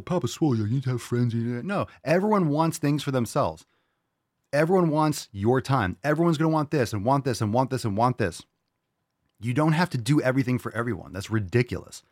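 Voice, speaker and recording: A man's voice: mid-range voice, dry recording, clean studio sound. A man hosting a show and answering listener questions, giving a blunt, profane motivational rant. He mocks people in whiny put-on voices.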